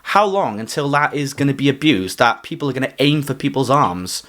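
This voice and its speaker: A man's voice: mid-range voice, animated, a little fast, a bit bright. A young man co-hosting a podcast, talking casually about football in a rambling way full of fillers. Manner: rambling, filler-heavy, "like" often. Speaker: podcast co-host.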